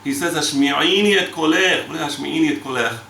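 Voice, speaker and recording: A rabbi in an animated Torah lecture, chanting verses between his points. His voice sits high and bright. The recording is roomy and distant, with a soft hum of ambience behind it. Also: brisk, creaky. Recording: echoey room, mic from far off.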